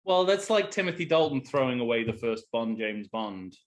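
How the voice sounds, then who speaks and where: Podcast guy talking movies, lots of false starts, trails off quiet, mid pitch. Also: sing-song. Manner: halting, many restarts, trails off quietly. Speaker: podcast co-host. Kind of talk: casual film discussion.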